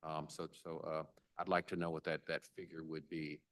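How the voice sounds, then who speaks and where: Mayor type, very low voice, halting delivery, chairs a city meeting with playful banter. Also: male voice, little pitch movement, fairly bright tone. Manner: halting, jokey auctioneer banter. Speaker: mayor presiding over a budget meeting. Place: government meeting chamber.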